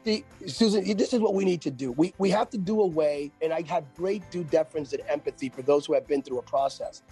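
Emphatic husky-voiced male pastor. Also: a little high, brisk, mellow, soft background music. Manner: emphatic, repeats phrases for effect. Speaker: pastor and author guest. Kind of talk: radio interview, preaching cadence.

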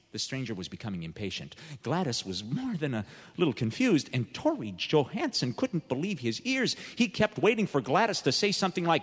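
A man telling a humorous tale in a deadpan storytelling manner. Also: a little high, brisk, husky, long reverb tail.

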